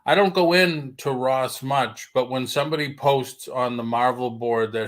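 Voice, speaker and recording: A man's voice: medium pitch, a little slow, a bit bright. A man hosting a casual livestream chat, joking around and reading viewer comments aloud as he talks. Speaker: livestream host. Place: home livestream.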